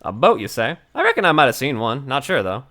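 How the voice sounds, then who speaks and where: A man's voice: mid-range voice, sing-song, quick pace, bright, forceful tone. A man voicing a brash, tough Southern woman photographer in a game, with a drawling Southern US accent and a hollering folksy manner. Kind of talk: reading game dialogue aloud.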